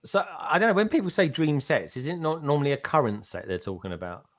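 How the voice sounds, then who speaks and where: A man's voice: on the high side, animated, fast talker. A man co-hosting a casual livestream, teasing and joking with the host. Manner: teasing, jokey, playful.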